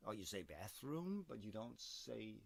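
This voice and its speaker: Rambling, hoarse man, slow. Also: lowish voice, sing-song. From Denmark. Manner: digressive, punning, playful. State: hoarse from coughing. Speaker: video host demonstrating a voice technique. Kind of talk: casual rambling demonstration.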